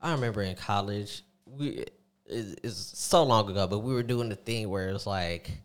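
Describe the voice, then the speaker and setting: A man's voice: fairly low pitch, moderate pace. A man chatting casually, telling stories about a friend and acting out what people said. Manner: storytelling, acts out friends' quotes. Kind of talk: casual chat.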